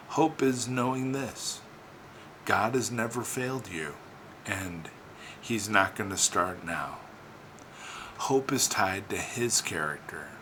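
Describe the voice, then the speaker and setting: Unhurried and repetitive in rhythm, a male preacher's inspirational sermon rises to forceful high points and then settles. He has a fairly low, sharp-toned voice, heard over a faint hum on a low-quality recording.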